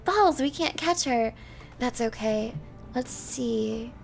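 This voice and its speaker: A woman streamer reading a visual-novel game aloud in a calm, soft-spoken way. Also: a little high, takes it slowly, gravelly, soft background music.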